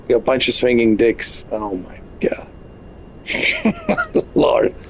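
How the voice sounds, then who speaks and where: A man streams a flight game from his bedroom, chatting casually at a middling pitch. He jokes constantly, grumbling in overblown mock complaint. A faint hiss sits behind him. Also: steady tone, moderate pace, poor audio. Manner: joking, exaggerated mock complaints with laughs. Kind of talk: casual live gameplay commentary. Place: bedroom at home.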